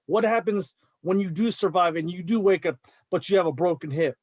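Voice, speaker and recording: A man's voice: sits high, brisk, a little mellow, dry recording. A middle-aged man, a martial arts coach, talking in a fired-up, emphatic way on a podcast. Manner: fired-up, emphatic, says bro a lot. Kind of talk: casual podcast chat.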